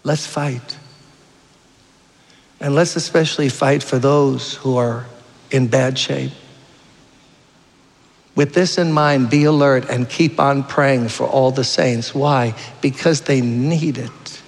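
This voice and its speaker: A man's voice: medium pitch, steady tone, slow, pauses often. Fervent male preacher in a reverberant church. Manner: fervent, appealing, storytelling preacher. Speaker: guest preacher. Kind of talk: sermon. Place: church sanctuary.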